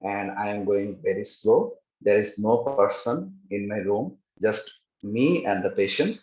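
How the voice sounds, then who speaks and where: A man describing his exam experience in a casual interview over a video call, halting, with many pauses and fillers. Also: lowish voice, darkish tone. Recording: roomy, dull call audio.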